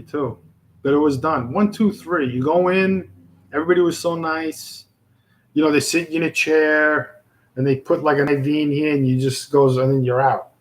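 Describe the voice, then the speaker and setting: This is casual live chat from a Brooklyn-accented man from New York who wanders through his talk with viewers, packed with fillers and false starts. His pitch is fairly high, and the recording is low quality.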